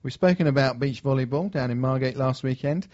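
A man's voice: medium pitch, brisk, a little mellow, lo-fi sound. A man co-hosting a radio show, chatting casually about local events with filler words. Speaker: radio co-host.

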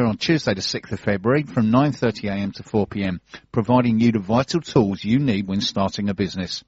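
A man with a London accent co-hosts a radio show, casually chatting and joking as he reads out business event listings and news. His lowish voice is a little fast, darkish and husky. The recording is muffled but has no echo.

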